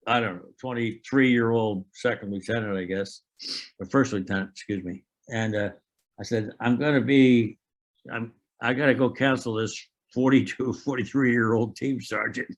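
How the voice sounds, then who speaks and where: A man's voice: mid-range voice, lo-fi sound. Elderly man recounting war memories. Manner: halting storyteller, frequent restarts and fillers; acts out remembered dialogue. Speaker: veteran interviewee. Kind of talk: oral history recollection.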